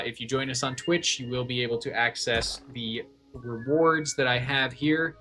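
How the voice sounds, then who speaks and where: A rambling, jokey man livestreaming a game at a middle pitch, talking loosely to his chat at a desk microphone. Light game music runs quietly underneath. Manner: chatty, jokey, rambling with fillers and restarts.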